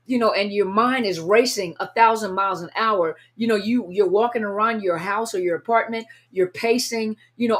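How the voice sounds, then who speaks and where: A woman's voice: mid-range voice, normal speed, few pauses, fairly bright tone. A woman coaching people through abuse and grief in an unscripted teaching talk, earnest and repetitive, often acting out what listeners feel. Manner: earnest, repetitive, acts out inner voices. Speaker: coach on narcissist abuse recovery.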